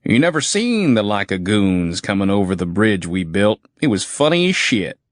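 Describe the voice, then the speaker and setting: A man's voice: lowish voice, big pitch swings, moderate pace, no echo. A man voicing a crude, cocky male army veteran with a drawl, foul-mouthed and taunting, in a dry, close audiobook recording. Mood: gloating. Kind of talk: audiobook character voice.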